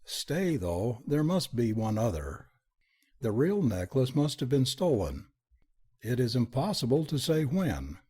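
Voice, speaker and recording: Husky man reading an audiobook. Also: medium pitch, measured pace. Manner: lively, expressive reading with character dialogue. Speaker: audiobook narrator. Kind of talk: scripted narration.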